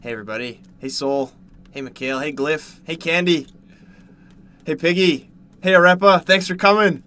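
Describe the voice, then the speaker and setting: A man from Canada, streaming casually from home while eating, jumping from loud yelps to low mumbles. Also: normal speed. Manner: excitable, jumps to loud yelps then mumbles. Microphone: desk mic, no headset.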